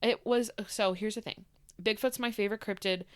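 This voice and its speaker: A woman co-hosting a podcast in casual chat, bubbly and quick to laugh as she tells stories. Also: medium pitch, smooth, no room sound, studio quality. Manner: bubbly, laughs often, animated storytelling. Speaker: podcast co-host.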